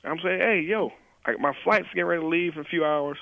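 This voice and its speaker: A man, a guest, telling a story with animated quoted dialogue and lots of "you know" fillers. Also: fairly high pitch, quick pace, gravelly, no room sound, phone-quality sound.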